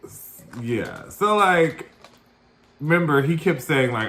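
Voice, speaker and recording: A man's voice: medium pitch, sing-song, unhurried, fairly bright tone, a little hiss or hum. A man co-hosting a casual TV recap chat, telling the story and acting out the quotes from the show.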